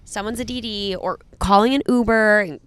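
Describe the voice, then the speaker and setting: A woman in her thirties co-hosting a podcast, chatting casually and quick to laugh. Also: mid-range voice, clear, resonant tone. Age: 30s. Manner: chatty, laughs and cries easily. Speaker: podcast co-host. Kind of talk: casual chat.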